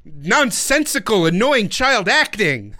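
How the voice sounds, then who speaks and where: Animated man cracking jokes on a podcast. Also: sits high, slow. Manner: joking, animated, laughs often. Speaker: podcast co-host. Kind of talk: casual comedic podcast chat.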